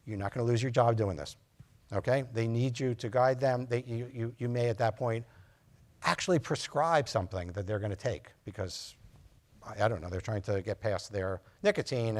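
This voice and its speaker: Chatty man giving a loose medical lecture. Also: medium pitch. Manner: loose and anecdotal, full of fillers, acts out patient dialogue. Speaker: physician lecturer. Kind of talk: conversational lecture to nurse practitioners.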